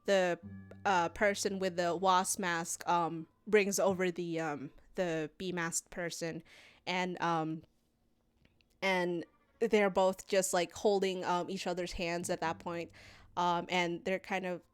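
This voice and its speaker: Halting woman narrating a tabletop game. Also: lowish voice, flat delivery, clear, resonant tone, dry recording. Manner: halting, with many fillers. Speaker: game master and variety streamer.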